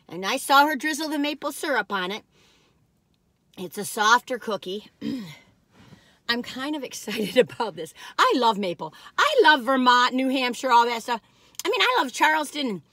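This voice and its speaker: Woman vlogger, bright and lively, folksy rambling chat in a dry car interior. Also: fairly high pitch, moderate pace, no room sound. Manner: folksy and chatty, drifts off topic. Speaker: vlogger reviewing cookies. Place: parked car.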